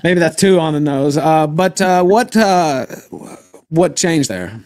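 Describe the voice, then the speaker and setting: A man with a Southern Delta accent, hosting a live stream in casual chat, halting with many fillers and restarts. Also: on the high side, animated, a little mellow, dry recording, studio quality. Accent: Mississippi Delta Southern. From American South, Delta region. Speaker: stream host.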